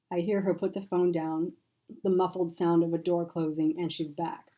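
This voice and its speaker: A woman author reads her own novel in first person, with a measured, expressive delivery. Her voice is mellow and somewhat low. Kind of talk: first-person audiobook narration.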